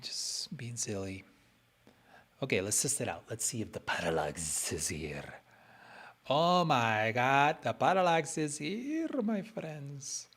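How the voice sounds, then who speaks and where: A man's voice: mid-range voice, sing-song, unhurried, a bit bright. A man streaming his design work, chatting casually and playfully as he thinks aloud and talks to his screen. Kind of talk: casual live design commentary.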